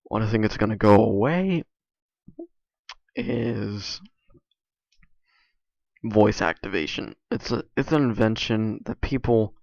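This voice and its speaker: A young man chatting casually while playing a game, halting and full of fillers and restarts. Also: on the low side, lively intonation, gravelly, darkish tone, no echo. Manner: halting, filler-heavy, many restarts and likes. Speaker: video creator. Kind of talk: casual rambling commentary over gameplay. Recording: dull lo-fi mic, dry.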